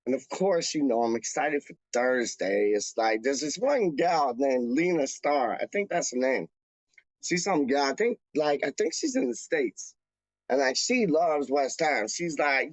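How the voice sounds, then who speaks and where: A man's voice: on the high side, animated, unhurried, no room sound. A man chatting casually to viewers of his fan channel, rambling and slangy and repeating himself. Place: lives in Canada, time zone away from England. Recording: dull lo-fi dry sound.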